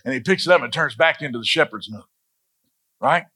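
A man in his forties preaches with a bright, husky voice. He tells a story from the pulpit and slips in quick voices for the people in it. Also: medium pitch, lively intonation. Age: 40s. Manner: storytelling, acts out voices in anecdotes. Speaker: pastor. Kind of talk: sermon.

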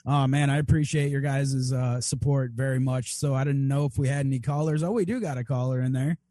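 A man's voice: medium pitch, steady tone, warm tone, no room sound, clean studio sound. A man co-hosting a live stream, chiming in casually and reading out viewer donations. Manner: quick agreeing interjections. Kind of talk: casual chat.

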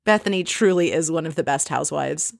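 Chatty, opinionated woman with a low voice. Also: brisk, vocal fry, dry recording, studio quality. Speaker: reality TV recapper. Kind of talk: casual recap commentary.

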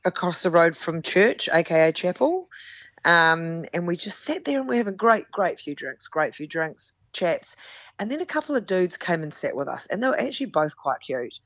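A woman's voice: lowish voice, very animated, moderate pace, fairly bright tone, dry recording, muffled recording. A woman, telling a story on a podcast in a candid, self-mocking way and acting out what people said. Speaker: podcast guest. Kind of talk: casual storytelling.

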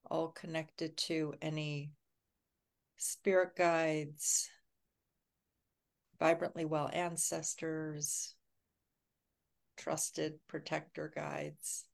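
A woman co-hosting a livestream, talking softly and calmly as she guides a grounding meditation. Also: sits low, creaky. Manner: slow, soft-spoken, calming. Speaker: co-host.

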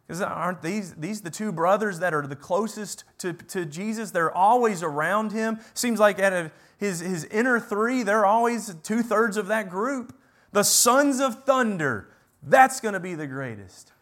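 A man preaching a sermon, animated, moving between loud emphatic lines and hushed ones, with sarcastic asides. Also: high-pitched, normal speed.

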